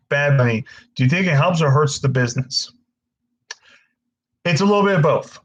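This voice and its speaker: A man's voice: a little high, expressive, normal speed, long pauses, highs cut off. A young man hosting a casual live-stream Q&A, frustrated and stammering, swearing often as he answers viewers.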